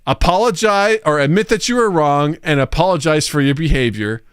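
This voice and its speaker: A man voicing a smug, insistent chatbot in a higher, sing-song reading voice that stays cheery while it scolds. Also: quick pace, a bit bright, no echo, studio quality, natural voice. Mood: smugly insistent.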